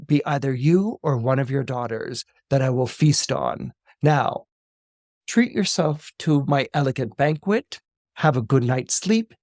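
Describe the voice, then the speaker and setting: A man voicing a menacing male beast who rules a magical castle, talking in a gruff, demanding way. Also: medium pitch, darkish tone, no echo, clean studio sound, natural voice.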